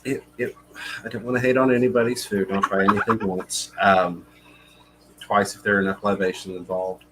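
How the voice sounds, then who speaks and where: A man with a fairly low voice chats easily on a live show. He reads out viewer comments, and his talk is loose and full of fillers. There is a faint hiss behind him. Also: little pitch movement, normal speed. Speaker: livestream co-host. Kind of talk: casual live-stream chat.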